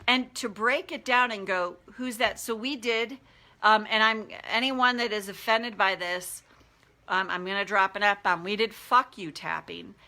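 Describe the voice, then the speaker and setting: Middle-aged woman coach chatting live, bright voice, acts out the inner voices. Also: mid-range voice, unhurried. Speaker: life coach. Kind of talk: casual live-stream talk.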